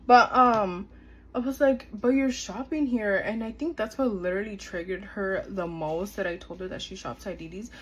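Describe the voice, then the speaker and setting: A woman's voice: mid-range voice, moderate pace, fairly bright tone, slightly rough, low-quality recording. A woman in her twenties telling a story in casual chat, filler-heavy, acting out what people said. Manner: chatty, filler-heavy, acts out quoted dialogue. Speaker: storytime vlogger.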